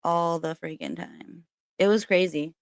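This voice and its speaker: A woman with a lowish voice talks in a loose, candid livestream chat, cursing freely and rambling between stories. The sound is dry and close, with no room echo, as she speaks from home. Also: unhurried. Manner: candid, chatty and profane, with frequent laughs. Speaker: spiritual reader and channel host.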